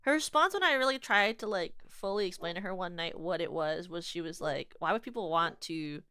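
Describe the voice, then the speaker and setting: Rambling and giggling, a young woman streamer tells stories in a casual chat, full of filler words and false starts. She speaks fairly quickly in a clean, fairly low voice, with an animated manner.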